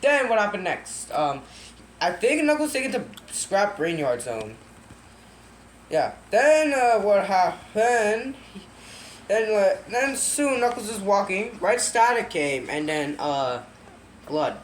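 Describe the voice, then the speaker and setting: A casual, rambling storyteller recounts a creepy game tale at an ordinary mid pitch, stumbling through fillers and restarts and tossing in wry asides. A faint hiss sits under the voice. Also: big pitch swings, takes it slowly. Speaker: commentator retelling a creepypasta.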